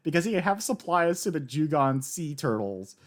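Male podcast co-host, casual discussion, excitable delivery with sudden loud bursts. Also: a little high, normal speed. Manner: animated, excitable, swings from quiet to loud.

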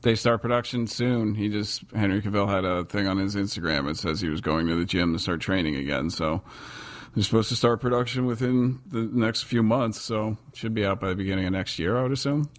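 A man's voice: lowish voice, fairly quick. An American man co-hosting a podcast, rambling and self-mocking in casual chat about shows and books. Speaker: podcast co-host.

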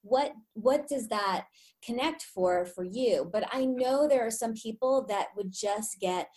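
A woman's voice: on the high side, a little slow, darkish tone. A woman talking frankly and cheerfully as a guest on a casual podcast. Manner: upbeat, frank, chatty. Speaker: guest, oracle deck creator.

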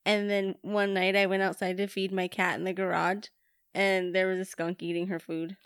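A woman's voice: mid-range voice, flat delivery, normal speed, a bit bright, clean tone, no room sound, studio quality. A woman from Montana chatting casually as a podcast co-host, telling stories and laughing often. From Montana, USA. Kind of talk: casual chat.

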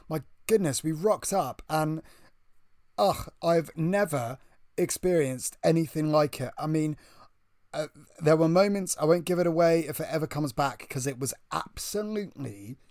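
A man with a British accent telling a story in casual chat, excitable and breathless, often restarting his sentences. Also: a little high, no room sound, studio quality.

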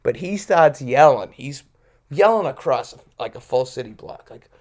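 A man's voice: fairly high pitch, lively intonation, moderate pace. A man telling petty street run-in stories in a casual chat, swearing a lot and acting out the voices of the people in them, laughing often. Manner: profane, laughing, acts out voices in his stories; petty and confrontational. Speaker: podcast co-host.

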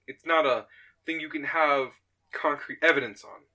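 A man in casual chat, rambling and animated, retelling a story with frequent laughs. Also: a little high, normal speed.

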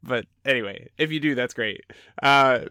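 A man's voice: medium pitch, moderate pace, pushed and bright, clear, resonant tone, dry recording, clean studio sound. A young man hosting a casual Christian podcast, upbeat and joking, often laughing. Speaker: podcast host.

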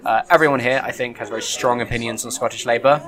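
A man's voice: mid-range voice, steady tone, fast talker. A man hosting a casual political podcast, talking loosely and jokingly with many fillers. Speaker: podcast host. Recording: noisy crowd in the background. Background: crowd chatter.

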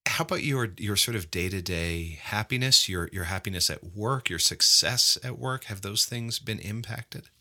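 A man with a very low voice and a sharp, forceful edge to his tone. He co-hosts a podcast, interviewing a guest in casual chat. He speaks in an encouraging, emphatic way. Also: moderate pace, hardly any pauses. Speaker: podcast co-host.

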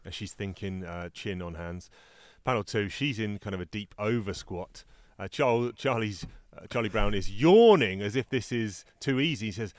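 Low-voiced man, dry sound. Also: dry recording. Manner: brisk recapping, acts out quotes with jumps in pitch. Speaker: podcast co-host. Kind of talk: casual comic-strip discussion podcast.

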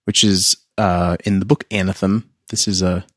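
A man co-hosting a podcast in casual chat, dry and wry, speaking deliberately. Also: sits low, little pitch movement, fairly bright tone, slightly rough, no room sound. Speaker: podcast co-host.

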